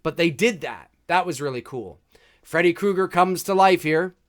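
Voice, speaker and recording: A man's voice: on the high side, moderate pace. A man hosting a live movie commentary, chatting casually and joking about the scenes as they play. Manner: chatty, jokey, reacting with laughs and mock quotes.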